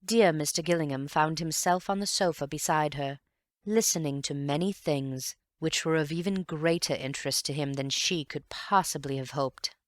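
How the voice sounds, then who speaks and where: A woman narrating an audiobook in a measured, expressive storytelling manner. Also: low-pitched, no echo. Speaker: audiobook reader.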